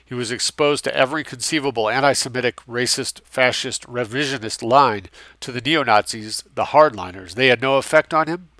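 A man voicing an older, abrasive American bureaucrat with a flat, nasal New York accent and a blunt, needling way of questioning. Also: mid-range voice, a little fast, no room sound.

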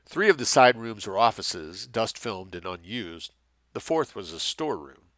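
A man narrating a thriller novel with a lot of lift and fall in his voice. His low voice has a bright edge. The recording is close and dry. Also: big pitch swings, unhurried, no echo. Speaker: audiobook narrator. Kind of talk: scripted narration.

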